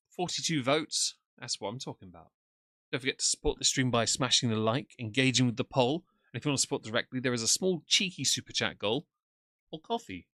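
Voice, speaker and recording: A man's voice: mid-range voice, pushed and bright, dry recording. Dry, mocking man. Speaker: livestream commentator. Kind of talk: sarcastic live commentary. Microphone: desk mic, off camera.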